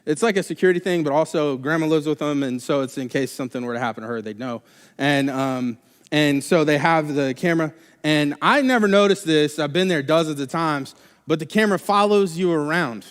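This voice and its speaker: A young adult man, a pastor, preaches a sermon live in a church sanctuary, talking casually and rambling with many restarts and fillers. His voice is fairly high and clean-toned and moves a little fast. The live church recording carries long hall reverb.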